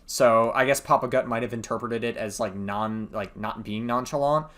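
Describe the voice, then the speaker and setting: A man hosts a reaction commentary and rants with heat and frequent swearing. His voice sits at an everyday middle pitch. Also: moderate pace, a bit bright. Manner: heated, profane ranting. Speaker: commentary host.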